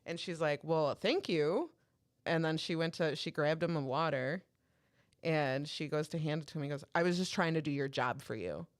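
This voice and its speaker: A woman with a somewhat low voice tells a story to her co-host in relaxed podcast chat. She swears freely and slips into each character's lines as she goes. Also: brisk. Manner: animated, swearing, acts out dialogue.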